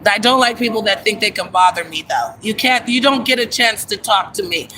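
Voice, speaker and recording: A woman hosting a casual livestream from her phone, chatting in an animated way and greeting viewers by name. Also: mid-range voice, fairly quick, slight background noise, low-quality recording. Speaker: livestream host.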